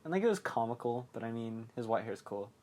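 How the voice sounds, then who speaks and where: A man's voice: medium pitch, very animated, quick pace, a little mellow. A man hosting a podcast, recapping a horror movie in a casual, rambling way, full of fillers and chuckles at his own remarks. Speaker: podcast host.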